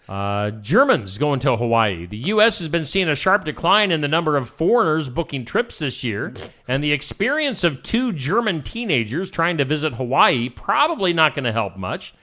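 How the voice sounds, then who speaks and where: A man's voice: a little high, big pitch swings, normal speed, pushed and bright. A man with a Midwestern American accent co-hosting a morning show, reading news stories aloud with joking asides. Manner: reads news items aloud with asides and laughs. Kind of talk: casual radio news chat.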